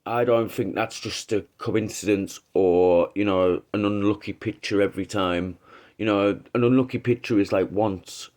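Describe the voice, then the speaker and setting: Rambling man with a lowish voice. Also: fairly even intonation, moderate pace, a little mellow. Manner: rambling, hesitant, with swearing. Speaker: YouTube channel host. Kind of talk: casual commentary.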